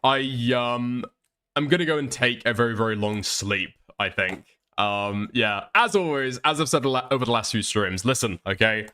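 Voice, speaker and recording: A man's voice: mid-range voice, moderate pace, pushed and bright, clean tone. A male livestream host giving crude, incredulous reaction commentary and swearing heavily.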